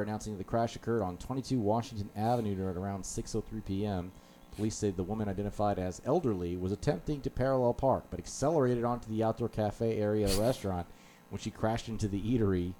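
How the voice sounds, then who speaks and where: A man's voice: on the low side, quick pace, dark tone, slight background noise. A man hosting a comedy podcast, reading news stories aloud and joking about them drily. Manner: dry, reads news stories aloud then jokes. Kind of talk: casual comedic banter. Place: podcast studio.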